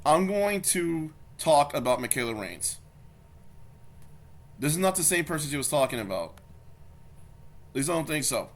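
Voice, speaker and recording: A man's voice: fairly high pitch, big pitch swings, normal speed, long pauses. Heated man ranting on a reaction video. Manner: heated, confrontational, swearing, repeats himself. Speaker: YouTube commentator. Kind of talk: angry reaction commentary.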